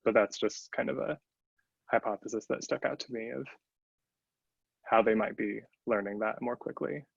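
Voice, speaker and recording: A man's voice: mid-range voice, normal speed, gravelly, long pauses, breathy edge, dry recording. A man asking a question in an academic discussion and thinking aloud tentatively. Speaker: audience member asking a question. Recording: dry, dull lo-fi audio.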